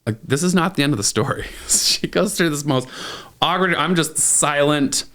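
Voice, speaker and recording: A man's voice: on the high side, moderate pace. Chuckling man telling a story. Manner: animated anecdote-telling, chuckling often. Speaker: podcast host and plastic surgeon. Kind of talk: casual storytelling chat.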